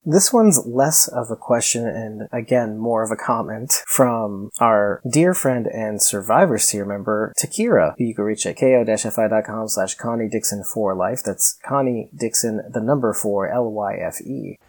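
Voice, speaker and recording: A male podcast host reads out names and web links in a plain, steady voice-over. His voice is gravelly and creaky, at a middle pitch. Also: moderate pace, few pauses. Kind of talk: voice-over plugs and introductions.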